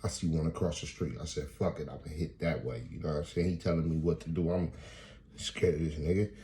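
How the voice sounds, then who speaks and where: A man's voice: extremely low pitch, level tone, fast talker, dark tone, slight background noise. A man doing freestyle stand-up comedy, telling a story in profane, casual street talk.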